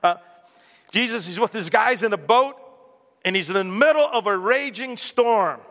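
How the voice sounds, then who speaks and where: A man's voice: high-pitched, normal speed, fairly bright tone, big-room sound. A male pastor preaching a sermon in a conversational way, often putting questions to the congregation.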